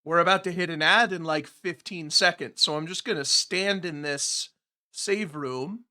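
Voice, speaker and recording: A man's voice: on the high side, unhurried, sharp tone. A man casually chatting with viewers while streaming a game, sarcastic and easily exasperated. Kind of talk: casual gameplay livestream chat.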